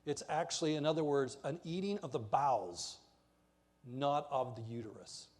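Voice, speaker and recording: A man's voice: medium pitch, moderate pace, a little mellow. A man preaching a passionate, emphatic sermon in a church while pointing to slides.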